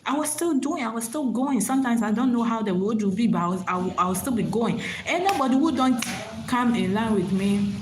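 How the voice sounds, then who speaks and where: A woman's voice: fairly high pitch, expressive, brisk, a little hiss or hum, rough recording. A woman hosting a live stream and giving motivational advice in a preachy, repetitive way, often asking if listeners understand. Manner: preachy, repeats herself, asks "you understand?".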